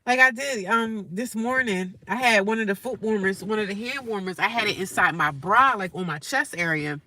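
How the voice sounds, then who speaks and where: A woman's voice: medium pitch, moderate pace, bright, forceful tone, no echo. A woman vlogging from inside her parked car, chatting casually and emphatically to viewers and calling them honey. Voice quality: emphatic, talkative, calls listeners honey. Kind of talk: casual vlog chat to viewers.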